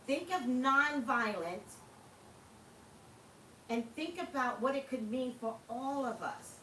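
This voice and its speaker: A woman's voice: on the high side, echoey room, distant mic, a little hiss or hum, poor audio. A woman hosting a livestream, talking casually and passionately to her viewers, laughing often. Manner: impassioned, preachy, laughs often. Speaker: livestream host.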